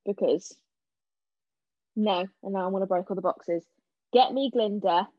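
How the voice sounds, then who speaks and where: A young woman chatting casually as a podcast guest, telling animated stories and acting out what people said. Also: mid-range voice, unhurried, no echo. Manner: animated storyteller, acting out quotes. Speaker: podcast guest, stage actress. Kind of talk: casual chat. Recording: dull lo-fi sound.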